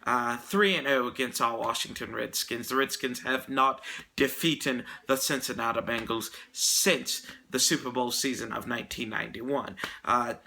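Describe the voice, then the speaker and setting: A man's voice: mid-range voice, steady tone, normal speed, gravelly, sharp tone, slight background noise. A man putting on a mock British broadcaster voice, reading stats in a mock-formal announcer manner.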